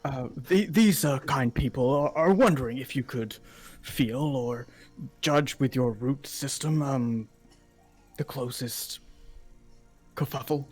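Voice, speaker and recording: A man's voice: mid-range voice, faint music behind. A man playing a flustered awkward doctor. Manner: stammering, apologetic, halting. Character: nervous, socially awkward male doctor. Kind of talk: tabletop role-play character voice.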